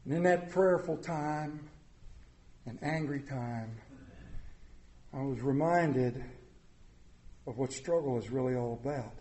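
A man preaching a candid, humorous sermon, swinging from loud jokes to quiet confession. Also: medium pitch, slow, pauses often, roomy sound. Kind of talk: conversational sermon.

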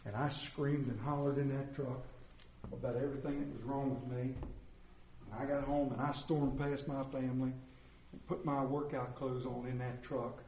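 A man preaching a candid, humorous sermon, swinging from loud jokes to quiet confession. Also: mid-range voice, level tone, normal speed, roomy sound, lo-fi sound, a little hiss or hum. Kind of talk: conversational sermon.

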